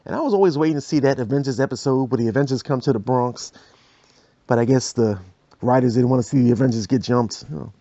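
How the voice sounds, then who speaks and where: Podcast guy telling funny stories, lively, gravelly voice, kinda muffled dry audio. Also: medium pitch, quick pace, no room sound. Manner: animated, slangy. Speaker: podcast host. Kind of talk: comedic storytelling.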